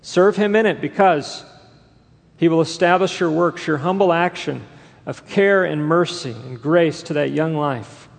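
A man's voice: on the high side, measured pace, vocal fry. Emphatic preaching man in a reverberant hall. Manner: emphatic preaching, builds to forceful bursts. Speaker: pastor. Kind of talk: sermon.

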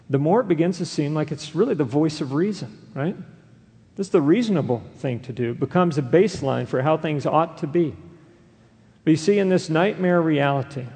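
A man's voice: a little high, vocal fry, mellow, long reverb tail. A man preaching an earnest sermon as a pastor, often tossing in a rhetorical "right?" to the congregation.

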